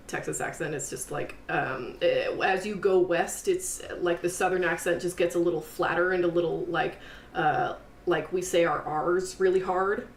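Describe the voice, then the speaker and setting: A woman giving rambling, chatty commentary while she plays a game. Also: fairly low pitch. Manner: rambling, chatty, lots of fillers and laughs. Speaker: streamer. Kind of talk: casual gameplay commentary. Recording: echoey room with faint noise.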